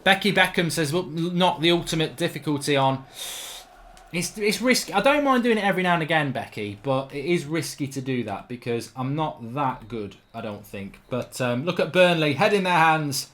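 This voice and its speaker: A man talks over his football game, his voice sitting a touch higher than most men's. He rambles through chatty asides between plays, then suddenly bursts into loud, excited shouting whenever a goal goes in. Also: normal speed. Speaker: gaming commentator. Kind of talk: live football game commentary.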